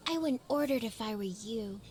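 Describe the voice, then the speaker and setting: A woman's voice: fairly high pitch, expressive, a little fast, darkish tone, close to an everyday voice. A woman voicing a shy, sweet young half-Lemurian boy in a game, talking in a timid, earnest way. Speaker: game character.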